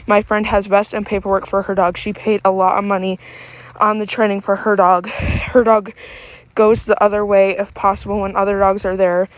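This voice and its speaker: A woman's voice: medium pitch, flat delivery, normal speed, no echo, low-quality recording. A woman reading comments aloud and rebutting them indignantly while out walking her dog, out of breath. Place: outdoors on a street walk. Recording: faint street noise, passing cars.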